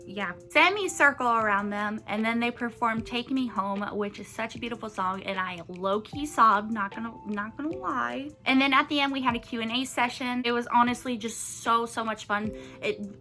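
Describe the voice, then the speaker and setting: A woman's voice: a little high, sharp tone. A young woman vlogger telling a story in a casual, gushing and emotional way, with many fillers.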